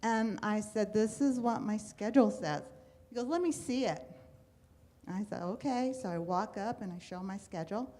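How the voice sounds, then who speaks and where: A woman's voice: mid-range voice, normal speed. Latina woman telling her life story. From United States. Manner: animated, acts out quoted voices. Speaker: speaker at a storytelling event. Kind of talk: personal storytelling talk. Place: in front of a live audience.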